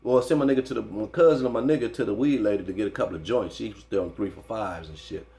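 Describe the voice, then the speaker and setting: Quick-paced and on the low side, a male interview guest relates his story in profane, slangy, casual speech. He repeatedly says "you know what I'm saying" and becomes animated as he describes the fight.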